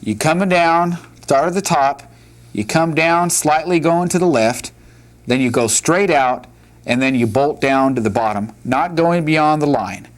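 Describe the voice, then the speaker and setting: A man's voice: a little high, unhurried. A man teaching a lesson at a whiteboard, patiently repeating each letter and joking now and then. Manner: plain-spoken, with light jokes. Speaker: Hebrew teacher.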